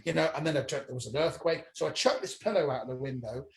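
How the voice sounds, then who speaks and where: A man, a stand-up comedian, telling a long personal story in an animated way, acting out the voices of the people in it and swearing freely. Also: fairly high pitch, fast talker, creaky. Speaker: comedian guest. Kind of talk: anecdotal storytelling. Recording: echoey room with faint noise.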